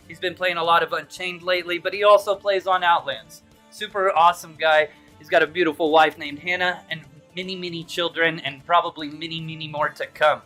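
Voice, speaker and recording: A man's voice: high-pitched, pushed and bright. A man hosting a live stream, chatting in a casual, upbeat and jokey way as he greets viewers by name.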